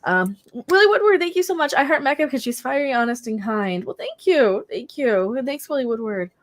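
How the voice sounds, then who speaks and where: Woman streamer, high voice, rambling and giggly reading chats, kinda stoned. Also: expressive, brisk, dry recording, clean studio sound. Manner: rambling, giggly, easily sidetracked. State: tipsy and stoned. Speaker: streamer hosting her birthday stream. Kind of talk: casual livestream chat reading super chats.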